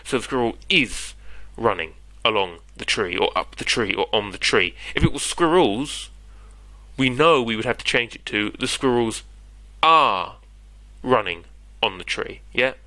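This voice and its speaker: A man's voice: mid-range voice, animated, measured pace, pushed and bright, dry recording, poor audio. A man with a British accent, patiently explaining grammar as a tutor in an online lesson and checking in with his listener. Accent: British English. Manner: patient, conversational, checks in with "yeah?".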